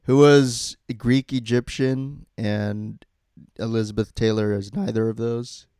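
A man's voice: medium pitch, fairly even intonation, takes it slowly, mellow, clear, resonant tone, no echo, studio quality. A man co-hosting a casual chat, easygoing, with wry asides and frequent laughter.

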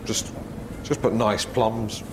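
A pompous tv host rambling dry asides, lowish voice, noisy tv clip. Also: male voice, fairly even intonation. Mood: deadpan musing. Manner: dry rambling asides, slow musing delivery. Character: pompous middle-aged male TV presenter, rambling and self-absorbed. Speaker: TV presenter judging a vegetable show.

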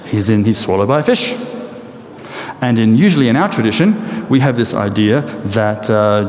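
A man preaching a sermon in a lively, animated storytelling way with rhetorical questions, in a large hall or church. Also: lowish voice. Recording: echoey hall with long reverb and faint noise.

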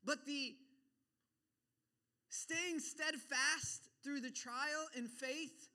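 A man preaching a sermon to his church as pastor, swinging between loud declarations and quiet, low asides, and reading scripture slowly. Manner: reads scripture aloud slowly and deliberately.

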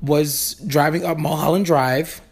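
A man's voice: on the high side, steady tone, measured pace, a crowd in the background. A man co-hosting a podcast, joking and trading sassy banter in casual chat. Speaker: podcast co-host.

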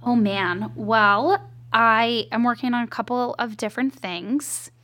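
A woman filmmaker chatting in an interview, telling stories in a lively, talkative way. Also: on the high side, measured pace. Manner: chatty, animated storytelling. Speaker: indie filmmaker guest. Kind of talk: casual interview chat.

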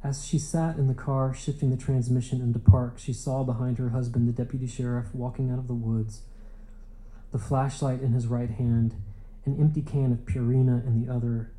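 Male audiobook reader, deep mellow tone, steady unhurried pace. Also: rough recording. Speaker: audiobook narrator. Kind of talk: literary audiobook narration.

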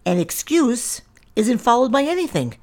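A woman's voice: fairly high pitch, sing-song, normal speed, darkish tone. A middle-aged woman hosting her own podcast, talking firmly and directly to listeners in a lecturing monologue. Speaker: podcast host and diet center owner.

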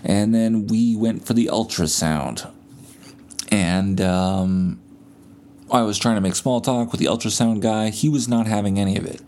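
A man's voice: on the low side, measured pace, darkish tone. A man hosting a casual solo podcast from his bed at home, telling stories in a laid-back, profane, rambling way with many fillers while buzzed on painkillers. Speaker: podcast host.

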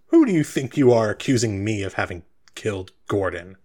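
A man's voice: fairly low pitch, sing-song, brisk, a little mellow. A man voicing a bitter former town guard ranting indignantly at outsiders. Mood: defensive. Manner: indignant, accusing rant. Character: bitter older male ex-guard, hostile to outsiders.

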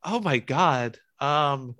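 A young man chatting casually on a podcast, playful and quick to laugh. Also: mid-range voice, expressive, pushed and bright, dry recording. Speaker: podcast co-host. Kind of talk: casual chat.

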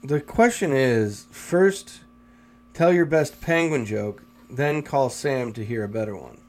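A man co-hosting a podcast, trading casual jokes and swearing freely. His voice often drops to a low, quiet mumble at the end of lines. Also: takes it slowly. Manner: profane, joking, trails off low. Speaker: podcast co-host.

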